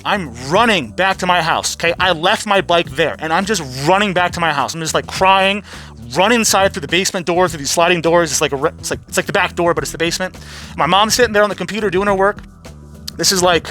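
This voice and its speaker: A man's voice: sits high, pushed and bright. A man hosting his vlog, telling a casual, profane, rambling story and acting out what people said. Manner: profane, rambling, acts out quotes. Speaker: vlogger host.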